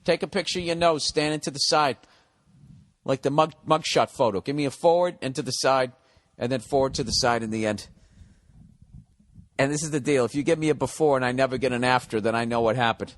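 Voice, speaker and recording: A man's voice: mid-range voice, a little fast. A man hosting his own podcast, talking in a casual, rambling monologue that is blunt, joking and full of swearing. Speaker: podcast host.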